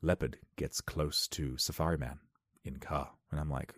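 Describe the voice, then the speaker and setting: A man doing a rambling comic monologue into a close microphone, wry and self-interrupting, with sudden loud outbursts. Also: rumbling low, fairly even intonation, normal speed, no echo. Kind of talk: comedic podcast monologue. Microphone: close studio microphone.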